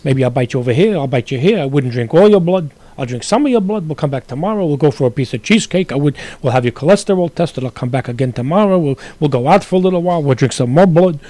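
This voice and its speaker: A man putting on an older male comedian telling a vampire joke, with an expansive, animated delivery. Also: fairly high pitch, fast talker, hardly any pauses, no echo, close to an everyday voice. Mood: joking.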